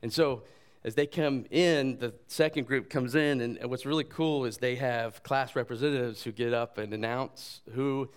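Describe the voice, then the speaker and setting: A man in his thirties or forties, a pastor giving a sermon in a conversational, animated storytelling way. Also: medium pitch, moderate pace, smooth.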